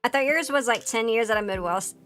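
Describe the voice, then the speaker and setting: Speaking a little fast in a fairly high, fairly bright voice, a Philadelphia-accented woman streams as a VTuber while assembling a model kit. She rambles casually with lots of fillers and restarts over faint background music.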